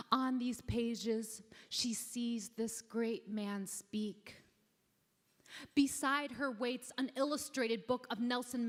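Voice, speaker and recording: Slow, dramatic woman poet in her forties. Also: on the high side, fairly bright tone. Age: 40s. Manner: deliberate, dramatic storytelling. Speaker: spoken word performer. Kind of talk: spoken word poetry performance. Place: awards event stage. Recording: long hall reverb on stage.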